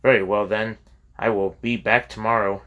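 A man's voice: on the low side, level tone, normal speed, fairly bright tone, muffled recording, natural voice. A man voicing a sober, caring older brother.

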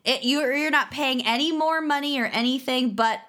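A woman co-hosting a podcast, chatty and quick with jokes, swearing casually. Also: high voice, a bit bright. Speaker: podcast co-host.

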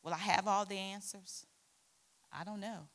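A middle-aged woman preaching to a youth group, telling a personal story with lively acted-out quotes. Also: mid-range voice, unhurried. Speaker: youth pastor.

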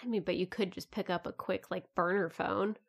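A woman's voice: fairly low pitch, fairly even intonation, brisk, gravelly, slightly rough. A woman co-hosting a podcast in easygoing casual chat, laughing often. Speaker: podcast co-host.

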